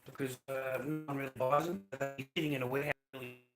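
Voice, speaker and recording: A man's voice: medium pitch, level tone, fast, music in the background. An Australian man chatting casually on a livestream from his kitchen at home, rambling and swearing freely while calling viewers mate and bro.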